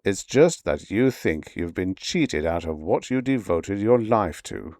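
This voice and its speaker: Brief: man doing a calm office manager, persuasive, slow storybook delivery. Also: deep voice, dry recording, clean studio sound, heavily acted. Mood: reasoning. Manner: enthusiastic, reasoning. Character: smooth, businesslike male personnel manager.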